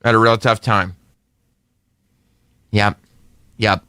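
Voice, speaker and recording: Bright-voiced chatty radio co-host man. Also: on the low side, steady tone, slow pace, clean tone, no echo, studio quality. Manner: chatty, joking, laughs easily. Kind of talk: casual radio chat.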